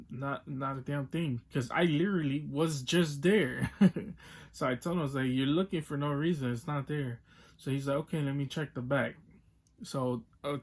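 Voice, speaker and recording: A man's voice: fairly high pitch, a little mellow. Exasperated man ranting about a store visit. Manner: exasperated, retells with quoted dialogue and many fillers. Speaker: toy collector vlogger. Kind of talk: casual storytelling rant.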